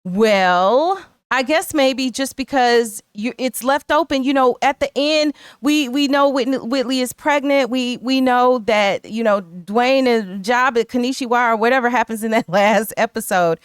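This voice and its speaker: A woman's voice: on the high side, measured pace, clear, resonant tone, no echo, studio quality. A middle-aged woman co-hosting a podcast, chatting casually and thinking aloud with lots of "you know.". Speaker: podcast co-host. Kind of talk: casual chat.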